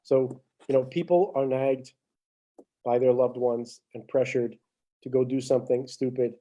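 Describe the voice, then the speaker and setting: A male podcast co-host tells stories during casual chat, laughing often and staying animated. His mid-range voice moves at a measured pace, and the recording sounds muffled.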